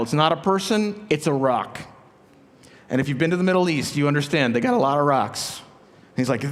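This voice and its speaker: A man preaching a sermon as a pastor, chatty and joking, with asides and rhetorical questions. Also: fairly high pitch. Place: large church sanctuary. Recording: long church reverb.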